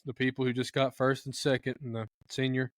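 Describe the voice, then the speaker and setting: A turkey-calling expert, appearing as a guest, teaches the craft in a casual, energetic how-to talk, now and then mimicking turkeys in funny voices. His voice is medium-pitched and a little fast. The studio-quality recording has no room sound.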